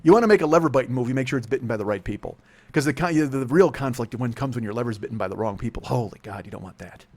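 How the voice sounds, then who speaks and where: A man's voice: medium pitch, lively intonation, very fast. A man in his forties hosting a comedy podcast, ranting in a rambling, profane way and laughing through his own bits. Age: 40s. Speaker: podcast host.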